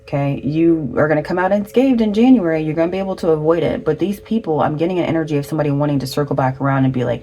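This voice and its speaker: A woman talks through a pick-a-card tarot reading in a relaxed, slangy way, dropping in little affirmations as she goes. Her voice sits low for a woman. A faint background noise runs under the recording. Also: very fast, few pauses. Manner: chatty and slangy, with frequent fillers and affirmations. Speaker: tarot reader.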